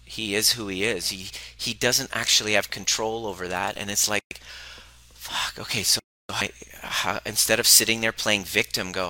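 A man's voice: on the low side, steady tone, normal speed, pushed and bright, no room sound, low-quality recording. A man coaching a live group on relationships, speaking emphatically and bluntly, swearing freely and repeating phrases for emphasis. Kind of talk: motivational talk to a live group.

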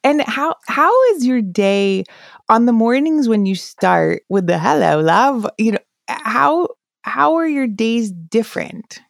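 A woman's voice: a little high, expressive, takes it slowly, vocal fry, dry recording, clean studio sound. A woman hosting a podcast interview, affirming her guest often and asking open questions. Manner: affirming, frequent soft agreement. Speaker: podcast host. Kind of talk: casual interview.

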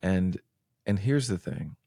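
Male performer as a level-headed mom talking sense into dad; low, mellow, close and dry. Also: slow, no room sound. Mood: reasoning. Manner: patient, reasoning, level. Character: calm mother reasoning with her husband. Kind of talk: role-play in casual chat.

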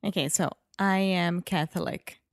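A woman with a Portuguese accent speaks English casually, pausing to search for words and laughing often. Her voice is fairly low and gravelly, recorded close and dry. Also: fairly even intonation, dry recording. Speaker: co-host learning English. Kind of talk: casual chat.

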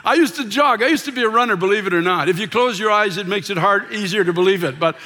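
A man preaching from a church pulpit, his voice high and bright. He presses on with passion, repeating himself and sometimes dropping almost to a whisper. The sound carries a long reverb from the large sanctuary around him. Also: fast talker. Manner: passionate preaching, repeats words, dips into soft whispered prayers. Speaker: pastor. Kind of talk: sermon.

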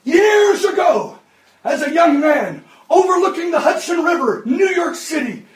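A man in his fifties preaching a sermon, impassioned and often shouting. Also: extremely high pitch, lively intonation, a little slow. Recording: echoey hall, distant mic.

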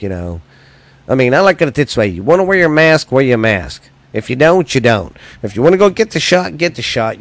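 A man's voice: medium pitch, dry recording. An American man hosting a podcast, delivering a heated, profanity-laden solo rant that rambles between points. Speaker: podcast host.

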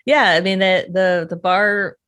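A woman's voice: mid-range voice, steady tone, measured pace, fairly bright tone, no room sound. A woman hosting an interview, asking questions in a friendly, encouraging way and laughing along. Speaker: interview host. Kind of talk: casual interview chat.

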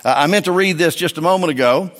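A man preaching a sermon in a church, with a fairly high voice. He talks in a folksy, joking way with his congregation. The sound carries the long reverb of a large hall. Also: fast, a bit bright. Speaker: pastor.

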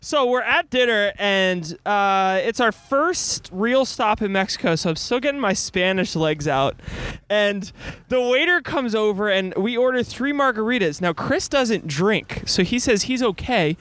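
High-voiced young man telling sailing stories. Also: a little slow, clean tone, dry recording. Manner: animated, self-mocking, laughs at his own stories. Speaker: podcast host. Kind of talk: casual storytelling monologue. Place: on a sailboat at sea.

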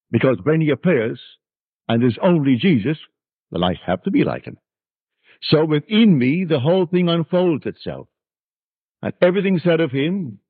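A man's voice: mid-range voice, breathy edge, dry recording. A man giving an emphatic spiritual lecture, teaching and quoting scripture. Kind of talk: metaphysical lecture. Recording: tinny archival lecture recording.

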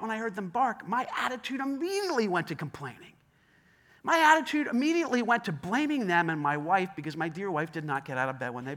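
A man's voice: sits high, bright, forceful tone. A man preaching a sermon in an emphatic, conversational way, often repeating himself. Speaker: pastor.

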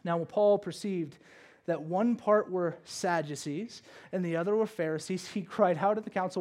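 Guy preaching a sermon, pretty high voice, gets loud then drops real quiet, keeps saying okay and right. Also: moderate pace. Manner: animated, swings between loud emphasis and hushed low delivery; conversational asides with frequent "okay?" and "right?".

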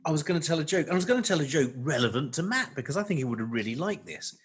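A male podcast co-host chatting and telling a story in an animated way, with halting fillers and a husky voice. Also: fairly high pitch. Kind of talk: casual chat.

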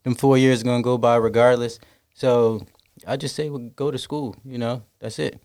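A man's voice: mid-range voice, fairly even intonation, normal speed, darkish tone. Earnest young man giving advice. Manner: earnest, encouraging, rambling. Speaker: podcast guest. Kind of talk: casual chat.

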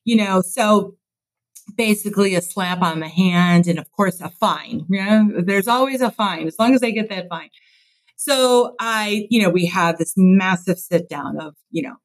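Lively woman storyteller from Chicago. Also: mid-range voice, moderate pace, low-quality recording. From Chicago, USA. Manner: lively storyteller who acts out quoted voices. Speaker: podcast guest, construction executive. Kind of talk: casual interview chat.

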